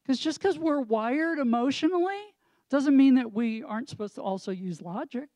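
Mellow-voiced man explaining with examples. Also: very high-pitched, animated, moderate pace, no echo. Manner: reflective, explains with examples and rhetorical questions. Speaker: co-host and marriage counselor. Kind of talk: casual chat with a pastoral tone.

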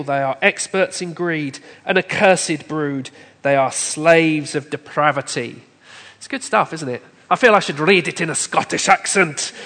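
A fairly high-voiced man delivers a sermon in a church hall, measured and emphatic. He builds his points through steady lists. A long reverb trails each phrase. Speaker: preacher.

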